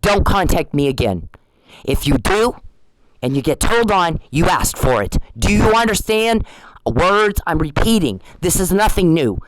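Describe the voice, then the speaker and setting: A man's voice: high-pitched, very animated, unhurried, no room sound, poor audio. A man delivering an angry, profane rant straight at the person he is confronting, repeating the same warnings again and again. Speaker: vlogger addressing a harasser. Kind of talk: angry direct-address rant.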